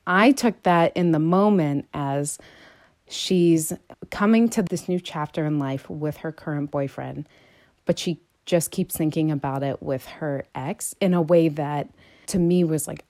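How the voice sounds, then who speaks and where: Chatty lower-voiced woman vlogger. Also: a little slow, dry recording. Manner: chatty and meandering, jumps higher and louder when excited. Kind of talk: casual chat.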